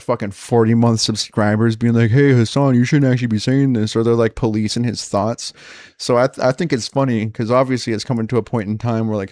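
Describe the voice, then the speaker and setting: A streamer rambling fast and profanely in casual chat. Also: male voice, mid-range voice, darkish tone, dry recording, clean studio sound.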